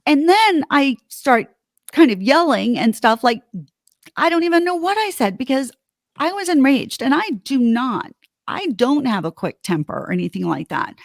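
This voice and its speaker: A middle-aged woman with a fairly high voice that swings widely in pitch, telling a story with mounting indignation and frequent swearing. She is recorded close and dry, with no room sound, in a casual podcast chat. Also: big pitch swings, moderate pace, vocal fry, dry recording. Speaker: podcast host.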